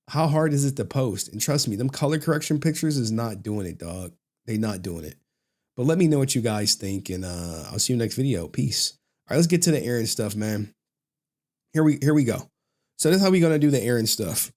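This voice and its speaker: A man's voice: mid-range voice, fairly quick. A man hosting a commentary channel, talking casually and telling stories with slang and frequent laughs. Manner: animated, joking storyteller who laughs often and slips into slang.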